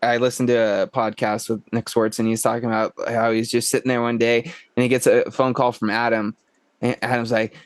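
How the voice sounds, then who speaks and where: A man's voice: medium pitch, flat delivery, a little fast, no echo. A man co-hosting a podcast, telling stories in casual, rambling chat and swearing freely. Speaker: podcast co-host.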